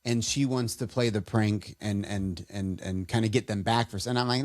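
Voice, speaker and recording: A man's voice: fairly low pitch, steady tone, a little mellow, no room sound, studio quality. A man co-hosting a podcast, telling stories in a casual, rambling way with frequent restarts. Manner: rambling, halting storyteller with many restarts. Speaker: podcast co-host. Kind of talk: casual chat.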